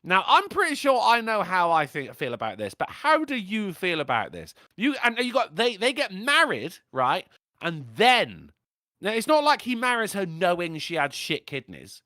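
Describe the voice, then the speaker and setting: A man hosts a casual, crude livestream chat, rambling through stories with animated jokes. His voice is bright and swings up and down a lot. The sound is dry and close. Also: sits high, normal speed, dry recording. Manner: rambling, animated, jokey storytelling. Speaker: livestream podcast host.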